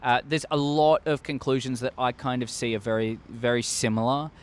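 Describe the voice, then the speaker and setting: An Australian man hosting a casual opinion vlog, rambling and excitable, with heavy swearing, talking into a desk microphone. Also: medium pitch, a little fast. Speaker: show host.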